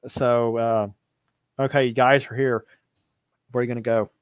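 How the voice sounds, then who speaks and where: A man's voice: medium pitch, level tone, moderate pace, smooth, no echo, highs cut off. Man narrating as game master, dry sound. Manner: loose, improvised storytelling. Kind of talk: narrating a tabletop horror game. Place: home streaming setup.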